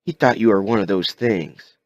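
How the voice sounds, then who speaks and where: A man voicing a calm, plain-spoken rural father who shelters his son, talking in a folksy way. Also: on the low side, normal speed, dry recording, natural voice.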